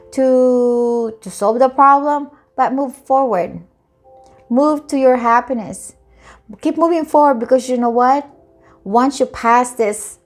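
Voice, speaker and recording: Reassuring woman tarot reader. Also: fairly high pitch. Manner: repetitive, reassuring. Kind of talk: tarot reading.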